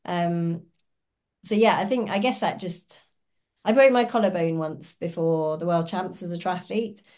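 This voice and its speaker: In a lowish, slightly mellow voice and at a slightly slow pace, the ultrarunner and oncologist guests on a casual podcast interview. Her storytelling is chatty, and she brings quoted lines to life with laughs.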